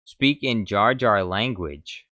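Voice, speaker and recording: Brief: man streamer, a bit low, dry close mic, rambling and self-mocking. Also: lively intonation, slow pace, bright, forceful tone, no echo. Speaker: streamer reading chat. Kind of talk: casual chat.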